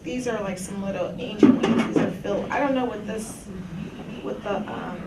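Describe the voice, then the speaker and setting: A woman's voice: medium pitch, moderate pace, over loud music. A woman hosting a casual cafe talk show, chatty and hospitable. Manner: chatty, hospitable, laughs easily. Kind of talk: casual chat. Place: small cafe. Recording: echoey cafe room, distant mic, background noise.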